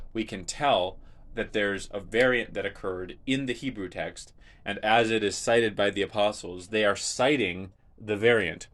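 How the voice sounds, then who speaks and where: A man teaching a recorded Bible lesson, explaining patiently and stressing his points when he quotes scripture. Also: fairly low pitch.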